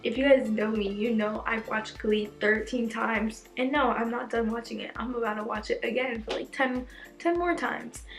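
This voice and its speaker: Young woman gushing through a storytime vlog, lots of "like", bit of vocal fry, echoey room. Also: on the high side, normal speed, soft background music. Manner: gushing, excitable, fills speech with "like". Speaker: vlogger. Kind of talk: casual storytime chat.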